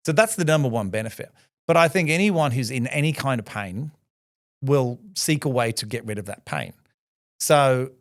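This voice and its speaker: A man's voice: medium pitch, dry recording, studio quality. A middle-aged man speaking as a podcast guest, reflective and emphatic, often adding rhetorical "right?" asides.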